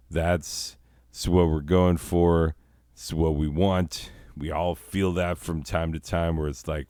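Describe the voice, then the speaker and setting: A male comedy host with a deep voice and an unhurried, drawn-out delivery. He rambles through stories, swearing constantly and leaning on fillers. The sound is clean, smooth and dry, close to the mic. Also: little pitch movement, dark tone, no echo. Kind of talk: casual profane comic storytelling.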